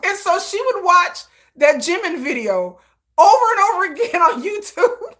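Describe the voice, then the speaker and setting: Bright-voiced woman telling stories. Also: sits high, normal speed. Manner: animated storytelling, acts out quotes, laughs often. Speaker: livestream host. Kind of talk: casual chat.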